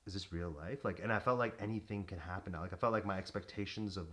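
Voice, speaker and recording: Young male podcast co-host; quick, slightly low voice, rambling storyteller. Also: a bit bright. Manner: rambling, self-interrupting storyteller. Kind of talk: casual storytelling chat.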